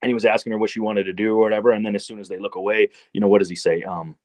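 A man guesting on a podcast, talking about a film in a relaxed, rambling way. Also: lowish voice, rapid-fire, no room sound. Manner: relaxed, rambling, many fillers. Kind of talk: casual movie discussion.

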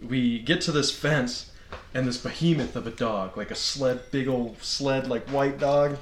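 A man in a casual podcast chat, telling a story in a slangy, animated way and laughing as he goes. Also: medium pitch, unhurried, a little hiss or hum. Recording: echoey room.

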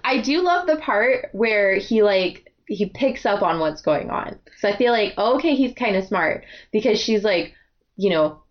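A woman's voice: mid-range voice, animated, a little slow. A woman with an American accent hosting a podcast, chatting casually about a book and rambling through asides. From United States. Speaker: podcast host. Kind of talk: casual book-club chat. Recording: dull lo-fi podcast audio.

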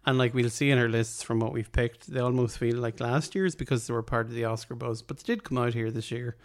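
A man's voice: mid-range voice, steady tone. A man co-hosting a casual film podcast, easygoing and agreeable, chiming in often. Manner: easygoing, agreeable, quick interjections. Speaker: podcast co-host. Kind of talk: casual film review chat.

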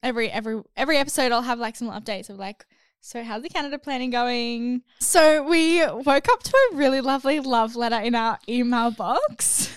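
A woman's voice: a little high, brisk, clear, resonant tone, no echo. A woman co-hosting a podcast in casual chat, playful and laughing along. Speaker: podcast co-host.

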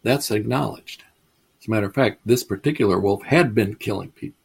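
A male lecturer tells old tales in a chatty, rambling way, chuckling now and then. His voice is gravelly with a husky edge. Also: fairly low pitch, moderate pace. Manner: chatty and digressive, chuckles at the stories. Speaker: lecturer on mysticism. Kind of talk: storytelling lecture.

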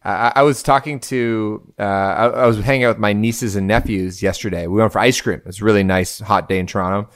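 A man hosting a casual podcast chat, telling stories in an animated way and often laughing. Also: fairly low pitch, fairly quick, hardly any pauses.

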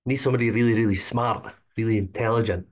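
A man's voice: lowish voice, steady tone, quick pace. Scottish man, podcast guest, easygoing banter, casual chat.

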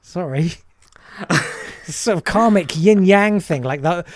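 A man's voice: high voice, takes it slowly. A man, a comedian and impressionist, chatting casually and self-deprecatingly in an interview.

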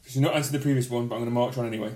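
A man's voice: mid-range voice, fairly even intonation, racing, darkish tone. A man, co-hosting a casual football podcast, telling stories and acting out other people's lines. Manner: storytelling, acts out others in quoted voices. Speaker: podcast co-host. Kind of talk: casual chat. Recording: roomy echo.

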